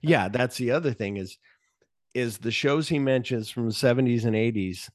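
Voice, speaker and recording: A man's voice: medium pitch, normal speed, no room sound, clean studio sound. A man hosting a casual movie podcast, retelling scenes with swearing and acting out the characters' lines. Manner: animated storytelling, swears freely, acts out characters' lines. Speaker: podcast host.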